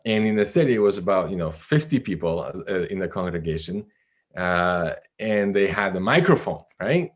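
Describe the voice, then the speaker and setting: Low-voiced man telling a story. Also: normal speed. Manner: animated, self-deprecating, laughs often. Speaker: guest. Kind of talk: storytelling in a podcast interview.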